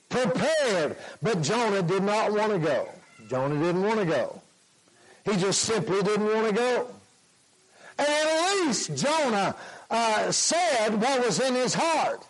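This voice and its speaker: A man preaching a sermon, slow and emphatic, repeating his points. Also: high-pitched, poor audio.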